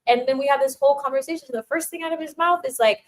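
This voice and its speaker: A woman chatting casually to her livestream audience, her voice sitting a little high. She laughs often, restarts sentences and scatters filler words as she reads out and answers viewers' messages. The talk runs loose and conversational. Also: fast, rough recording. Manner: warmly thanks viewers reading chat. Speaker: livestream host answering chat. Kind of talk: casual chat.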